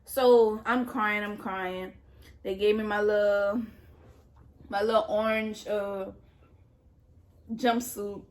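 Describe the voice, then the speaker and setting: A woman telling a personal story in a casual vlog, animated and profane, talking straight to her viewers. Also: mid-range voice, takes it slowly, pauses often. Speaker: vlogger.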